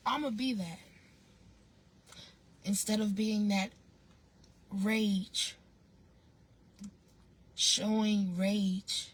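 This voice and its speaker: A woman's voice: mid-range voice, fairly even intonation, extremely slow, long pauses, husky, rough recording. A woman vlogger telling a story in a casual monologue, blunt and emphatic, swearing freely and repeating phrases for emphasis.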